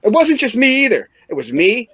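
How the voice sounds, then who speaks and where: A man's voice: very high-pitched, brisk, slightly rough, dry recording. A man from Missouri, a podcast co-host, telling funny stories in a casual chat, swearing a lot and laughing as he talks. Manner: laughing, profane, animated storytelling.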